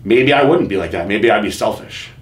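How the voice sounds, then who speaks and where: Earnest low-voiced man telling a personal story. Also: lively intonation, reverberant. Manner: earnest, halting storytelling with many fillers and restarts. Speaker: podcast host.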